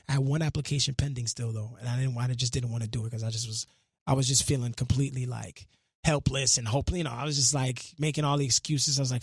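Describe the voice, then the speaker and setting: A young man from Brooklyn tells a story in a radio studio. His voice is gravelly and a little husky, heard close and dry. He talks animatedly, slips into slang and acts out the people he quotes. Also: mid-range voice, steady tone, fairly quick, dry recording. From Brooklyn, New York. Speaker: musician and actor guest.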